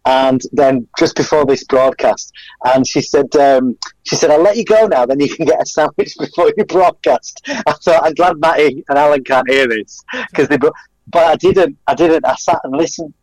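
A man's voice: on the high side, moderate pace, darkish tone, no room sound, poor audio. A man, chatting and laughing as a radio guest. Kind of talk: casual radio chat.

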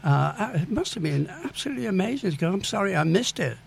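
A man's voice: high voice, big pitch swings, a little fast, gravelly. A man interviewing a guest, enthusiastic and prompting with questions.

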